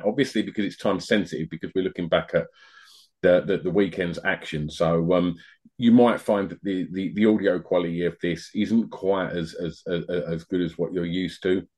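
A man's voice: deep voice, darkish tone. A man co-hosting a sports podcast in loose, rambling casual chat, full of restarts and fillers. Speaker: podcast co-host.

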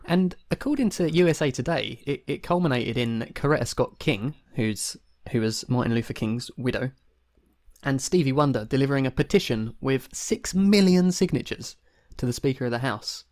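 A man's voice: mid-range voice, normal speed, a little mellow. A man co-hosting a comedy advice podcast, telling a long, meandering story in a wry, understated way. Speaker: podcast co-host. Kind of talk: casual comedic advice chat.

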